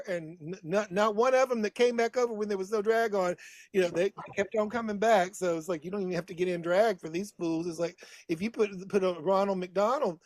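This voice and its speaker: A man's voice: high-pitched, a little fast, no echo. A middle-aged man in drag persona, a guest telling bawdy stories in campy casual chat over a video call, calling people honey.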